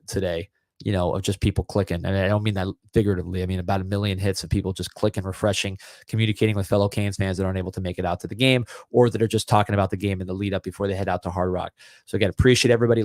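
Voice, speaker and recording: A man's voice: deep voice, fast talker, no echo, studio quality. A middle-aged man hosting a live sports podcast. He chats casually and repeats words as he gathers his thoughts. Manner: relaxed, chatty, repeats words while thinking. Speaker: podcast host.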